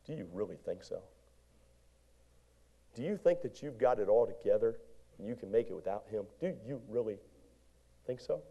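A male pastor preaching a sermon in a church, animated, moving from shouts to hushed lines and calling out to the congregation. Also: lowish voice, normal speed, long pauses, highs cut off. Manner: call-and-response exhortation to congregation. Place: church sanctuary.

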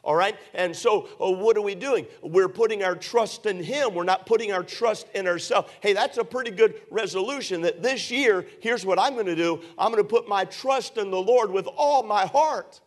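A man's voice: high-pitched, normal speed, few pauses. A man preaching a sermon as pastor, earnest and repetitive, with many rhetorical questions and frequent "uh".

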